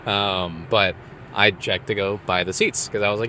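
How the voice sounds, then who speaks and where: A young man co-hosting a podcast, telling a story in casual chat, animated and acting out his own quoted lines. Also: lowish voice, moderate pace, a little hiss or hum. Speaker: podcast co-host.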